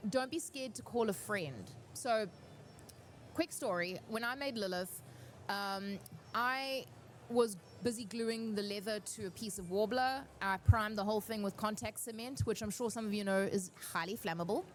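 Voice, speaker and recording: A woman speaking on a cosplay panel, giving earnest, encouraging advice and telling stories in an animated way. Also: medium pitch, normal speed, a little hiss or hum.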